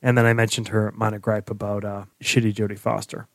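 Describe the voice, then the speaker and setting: Easygoing podcast co-host, dry mic. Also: male voice, fairly low pitch, flat delivery, fairly quick, creaky, dry recording. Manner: easygoing, reads listener comments. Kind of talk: casual commentary chat.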